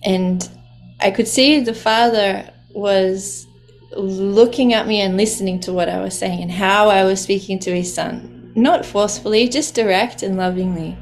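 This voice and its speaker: A woman's voice: mid-range voice, a little slow, faint music behind. A woman telling a personal story in a heartfelt way, laughing often as she talks. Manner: heartfelt, laughs often, speaks of the ocean lovingly.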